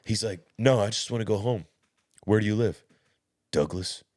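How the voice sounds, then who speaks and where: A man's voice: lowish voice, normal speed, darkish tone. A man telling stories from police work as a podcast guest, laughing often. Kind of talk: casual storytelling.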